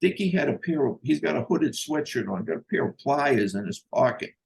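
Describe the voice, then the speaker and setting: Older man, gravelly husky voice, blunt profane storytelling. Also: a little high, animated, brisk. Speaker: host telling a personal story. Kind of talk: casual storytelling.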